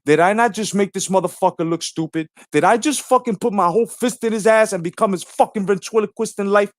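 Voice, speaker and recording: A man's voice: high-pitched, brisk, dry recording, clean studio sound. A man hosting a live stream, ranting brashly and profanely while greeting viewers in the chat.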